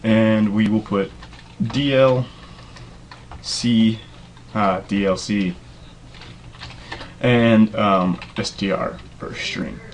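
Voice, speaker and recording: A man's voice: on the low side, slight background noise. A young man hosting a casual coding tutorial, enthusiastic and rambling with lots of fillers. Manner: enthusiastic, self-described nerd, rambling with fillers. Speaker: programming tutorial host.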